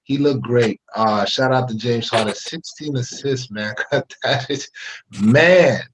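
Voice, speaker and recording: A man's voice: medium pitch, takes it slowly, a little hiss or hum. A man hosting a casual sports chat, hyped and slangy as he talks. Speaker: podcast host. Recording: dull lo-fi sound.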